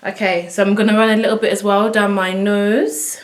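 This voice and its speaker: A woman chatting to viewers as she works through a casual makeup tutorial at home, excitable and talking as she goes. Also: mid-range voice, fairly quick. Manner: chatty, excitable, talks to viewers while working. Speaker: beauty vlogger. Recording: echoey room.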